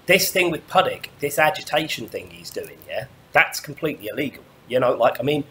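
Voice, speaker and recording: A man's voice: mid-range voice, sing-song, fairly quick, pushed and bright, a little hiss or hum. A man delivering a rambling monologue rant, stumbling over restarts and swearing often. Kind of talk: ranting monologue.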